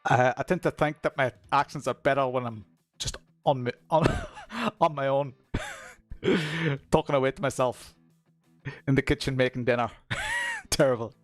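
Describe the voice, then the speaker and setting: A man's voice: mid-range voice, huge pitch swings, moderate pace, long pauses, no room sound, faint music behind. Laughing sim-racing streamer man. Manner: rambling, laughs often, self-mocking. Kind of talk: casual live-stream chat. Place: home at night, kids asleep upstairs.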